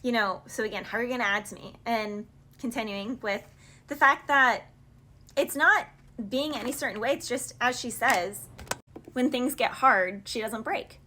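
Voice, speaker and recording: A woman's voice: a little high, measured pace, sharp tone. A woman giving a casual tarot reading, talking in a chatty, rambling way and acting out little back-and-forth arguments. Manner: rambling, chatty, paraphrases song lyrics in dialogue. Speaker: tarot reader.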